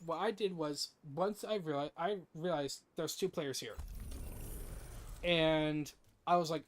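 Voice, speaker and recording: A young man streaming a game, telling a rambling, excitable story with lots of swearing in casual chat. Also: on the high side, moderate pace.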